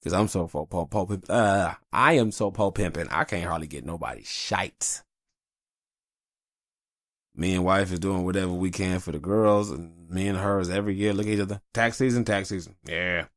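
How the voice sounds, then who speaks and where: A man's voice: low-pitched, moderate pace, a bit bright, no room sound, studio quality. A tired man hosting a podcast in casual, rambling, profane chat. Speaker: podcast host.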